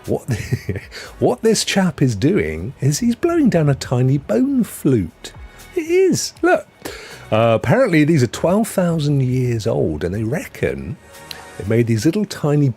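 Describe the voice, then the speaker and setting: A man's voice: mid-range voice, wildly swooping pitch, takes it slowly, a little mellow, slightly rough, faint music behind. A man hosting a gaming news live stream, chatty and jokey, laughing often. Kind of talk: casual live-stream chat.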